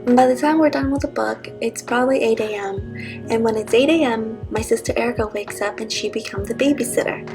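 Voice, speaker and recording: A woman's voice: on the high side, fairly quick, over music, poor audio. A woman vlogger and mother giving an upbeat, chatty voice-over that walks through her daily routine step by step. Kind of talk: voice-over narration of a day vlog.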